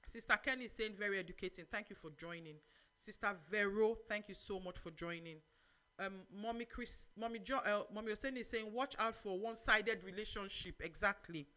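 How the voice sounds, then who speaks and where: A middle-aged woman with a Nigerian accent hosting a live church talk show, preaching lively advice and reading out viewer comments. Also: medium pitch, a little fast. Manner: lively, preachy, mixes in Nigerian Pidgin phrases.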